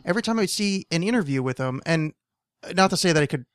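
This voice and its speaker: A man in his thirties with a slightly raised, strained voice that is going hoarse, talking loosely and swearing as he hosts a podcast. He rambles and laughs between points. The sound is close and dry, with no room around it. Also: fairly high pitch, expressive, fast talker, no room sound. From New Jersey. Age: 30s. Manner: rambling, profane, laughs often. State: losing his voice. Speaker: podcast host. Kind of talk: casual podcast chat.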